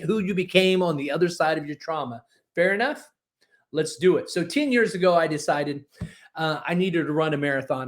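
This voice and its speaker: Motivational speaker, forties, male, folksy and persuasive, a bit high-pitched. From Oklahoma. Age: 40s. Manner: folksy storytelling, energetic and persuasive. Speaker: book publishing coach. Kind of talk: motivational webinar talk.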